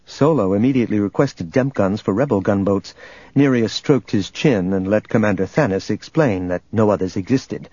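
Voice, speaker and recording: Husky guy narrating an audiobook, steady even delivery, dull lo-fi recording. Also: on the low side, moderate pace, dry recording. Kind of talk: scripted narration.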